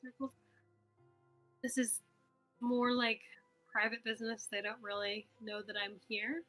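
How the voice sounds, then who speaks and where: A woman playing in a tabletop game, chatting in an offhand, shrugging manner. Her voice is slightly high and bright. Faint music plays underneath. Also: steady tone, a little slow, poor audio. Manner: offhand, shrugging, laughs easily. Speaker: player. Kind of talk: casual game play chat.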